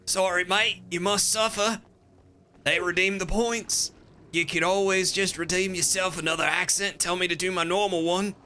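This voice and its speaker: A man doing a cheeky British ghoul voice, pushed high and hard. It is bright and tense, with chummy, teasing banter. A faint hiss sits underneath. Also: steady tone, moderate pace. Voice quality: bright, strained put-on accent. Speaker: streamer. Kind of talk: live game stream.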